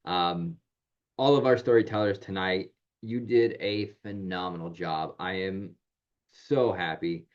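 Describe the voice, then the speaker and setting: A man's voice: low-pitched, unhurried. A man hosting a virtual storytelling event, praising the storytellers in an encouraging way with many fillers. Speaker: event host. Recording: dull, lo-fi call audio.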